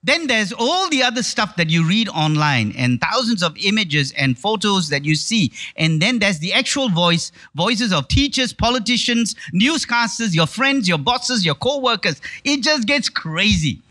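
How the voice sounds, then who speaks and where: A man's voice: high-pitched, very animated, normal speed, hardly any pauses, pushed and bright, no room sound, clean studio sound. A male pastor preaching a sermon with emphatic, rising stress on lists and appeals, often repeating words and restarting phrases.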